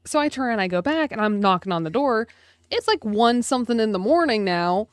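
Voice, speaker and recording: A woman's voice: fairly high pitch, lively intonation, fairly quick, dry recording, clean studio sound. A young woman from central Pennsylvania co-hosting a podcast, telling stories in casual chat and swearing now and then. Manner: chatty storyteller, swears casually. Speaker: podcast co-host.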